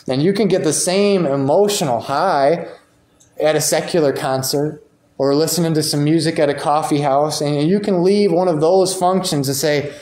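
A man's voice: on the high side, moderate pace, darkish tone. A man teaching a church Bible class in a conversational way, reading quotations aloud and commenting on them. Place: church meeting room. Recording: roomy echo.

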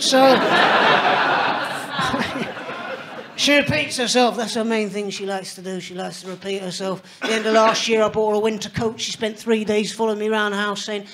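A man in his thirties doing stand-up comedy with a dry, sardonic, deadpan delivery. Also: high-pitched, fairly quick. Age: 30s.

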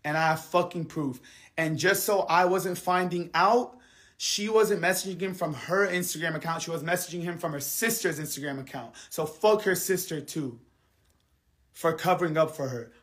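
A man ranting angrily to his livestream viewers. He swears heavily, repeats himself, and swings between quiet, subdued stretches and heated outbursts. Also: on the high side, moderate pace. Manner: angry, heavily profane venting; repetitive, drops quiet then heats up. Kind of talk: live stream rant to viewers.

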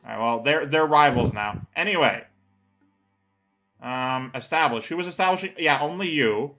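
A man's voice: a little high, normal speed, sharp tone, faint music behind. A man hosting a let's play, rambling, swearing and laughing. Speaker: host.

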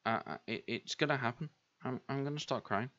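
A man's voice: medium pitch, a little fast, pushed and bright, slight background noise. A man hosting a gaming video, commenting on his own play and scolding himself in exasperated outbursts. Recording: dull lo-fi sound.

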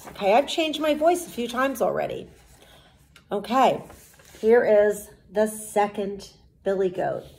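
Lively woman reading a story to kids. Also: mid-range voice, vocal fry. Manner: coaxing, asks the listeners questions. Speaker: teacher. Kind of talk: reading a storybook aloud to children.

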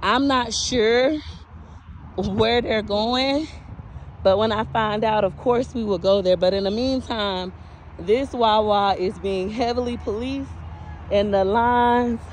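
A woman's voice: fairly high pitch, takes it slowly, a little hiss or hum. Chatty Tampa woman vlogging outdoors. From Tampa, Florida. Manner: chatty, greets passersby, laughs often. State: out of breath. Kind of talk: casual walking vlog reporting. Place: outdoors by a busy gas station line.

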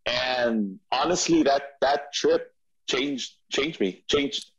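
A man who is a podcast guest, telling a personal story in a relaxed interview with frequent restarts and repeats. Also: mid-range voice, slow, breathy edge, dull audio. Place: studio.

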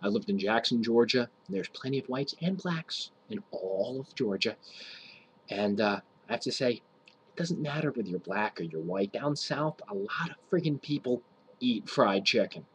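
A man's voice: medium pitch, animated, normal speed, a little hiss or hum, rough recording. A man ranting to camera in a rambling, crude, mock-offensive way, swearing freely and laughing at his own jokes. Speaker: vlogger.

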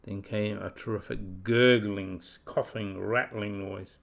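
A man reading a children's story aloud, expressive and dropping to a whisper at scary moments. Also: fairly low pitch, slow, gravelly. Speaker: story reader.

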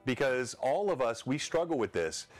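A man hosting a relaxed panel chat, his voice swinging lively up and down as he laughs and doubles back mid-sentence. He sits at a middle pitch and talks in an easygoing, conversational way. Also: normal speed, faint music behind. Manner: animated, laughs often, restarts sentences. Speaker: show host.

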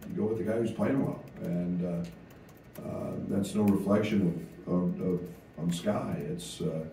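Man, basketball coach, low voice, dark tone, halting with fillers, very echoey room, distant mic. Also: steady tone, slight background noise. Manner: halting, many fillers and restarts. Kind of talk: press conference answers.

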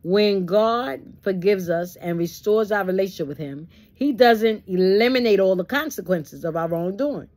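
A woman's voice: mid-range voice, normal speed, hardly any pauses, darkish tone. A woman leading a Bible study, reading the text and breaking into folksy, preachy asides. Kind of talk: conversational Bible study teaching.

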